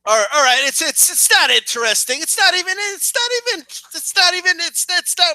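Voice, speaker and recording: A man's voice: extremely high pitch, fast talker, hardly any pauses, no room sound. A young man with a slight cough, ranting comically to camera, swearing a lot and stammering over repeated words. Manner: animated, swearing, stammering repeats, acts out shouts. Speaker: boxing channel vlogger.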